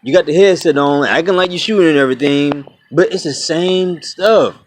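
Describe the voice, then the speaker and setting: A slightly high-voiced man in his twenties speaks at normal speed as he rants bluntly to camera in a casual vlog. He swears freely and refers to viewers as "y'all" and "man."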